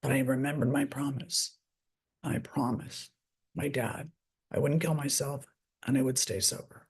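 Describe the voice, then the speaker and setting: Middle-aged woman, gravelly fry in the voice, blunt, candid, swears freely, conversational storytelling. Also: very deep voice, fairly even intonation, unhurried. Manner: blunt and profane, speaks openly. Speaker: guest author and recovery advocate.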